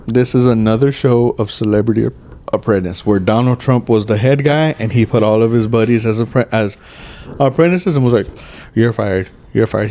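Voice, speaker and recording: A man in his thirties rambles through a casual podcast chat, swearing freely and cracking jokes. His voice sits at an ordinary middle pitch. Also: dark tone, slight background noise. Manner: profane, rambling, jokey. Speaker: podcast host.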